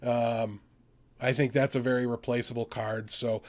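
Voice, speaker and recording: A man co-hosting a podcast and talking a card game through casually, quick and sometimes tripping over his words. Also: medium pitch, flat delivery. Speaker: podcast co-host. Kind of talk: casual chat, game analysis.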